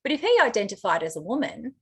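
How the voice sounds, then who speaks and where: A woman's voice: a little high, very animated, quick pace, husky. A woman with an Australian accent, telling a personal story as an interview guest in a frank, chatty way, full of fillers.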